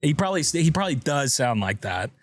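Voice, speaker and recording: Chatty podcast host, higher-pitched man. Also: sing-song, fairly quick, no echo, clean studio sound. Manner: reads listener messages aloud, chatty and playful. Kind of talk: casual podcast chat.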